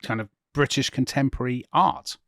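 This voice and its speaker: Man, history podcast co-host, animated storyteller, laughs a lot, mid-pitched, dry close sound. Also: normal speed, no room sound. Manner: animated, laughs often while telling a story. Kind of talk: casual conversational storytelling.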